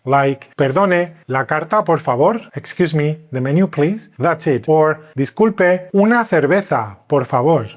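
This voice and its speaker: Man teaching phrases, slightly high voice. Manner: clear, slows down to model phrases. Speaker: language teacher. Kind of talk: scripted language lesson.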